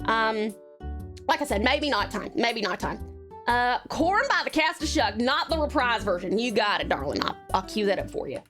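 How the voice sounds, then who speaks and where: A woman's voice: on the high side, sing-song, moderate pace, a bit bright, faint music behind, pitched below the performer's own voice. A woman streamer putting on a Southern US accent, calling chatters darling while chatting on stream. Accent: Southern US (Georgia/Alabama). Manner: calls chatters darling and sweetheart. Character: drawling Southern-accented young woman, sweet. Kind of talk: live stream chat in a put-on accent.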